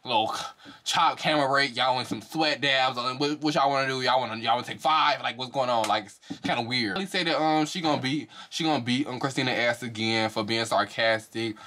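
A man giving a casual, profane, animated review of a reality show to his viewers. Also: medium pitch, brisk. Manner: profane, animated, exaggerated reactions.

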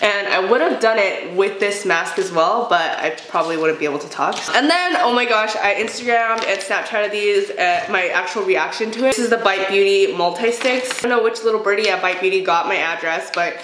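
A woman chatting casually while doing her makeup, gushing and excitable, a bit self-deprecating, and sick today. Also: medium pitch, fairly quick, few pauses, echoey room, slight background noise. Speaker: beauty vlogger. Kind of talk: casual get-ready-with-me chat.

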